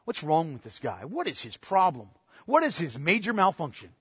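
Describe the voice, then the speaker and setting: A man preaching a sermon with passion, firing rhetorical questions and swinging between loud outbursts and hushed asides. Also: on the high side, huge pitch swings, moderate pace, breathy edge, dry recording, clean studio sound, big-room sound. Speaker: pastor.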